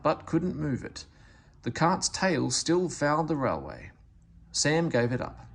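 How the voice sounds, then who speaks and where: A man reading a children's story aloud with expressive, animated narration. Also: mid-range voice, gravelly, breathy edge. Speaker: storybook reader.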